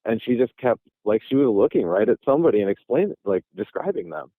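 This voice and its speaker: This Michigan man has a medium-pitched, sing-song voice and a quick delivery, with no room sound behind him. Phoning in as a guest from a parking lot on a tinny line, he rambles casually through a long story, starting over many times.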